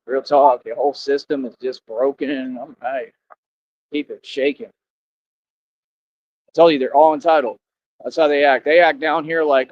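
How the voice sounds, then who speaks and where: A man's voice: mid-range voice, fairly even intonation, measured pace, long pauses, lo-fi sound, slight background noise. A man vlogging outdoors, boasting and confronting his viewers in slang-heavy street talk.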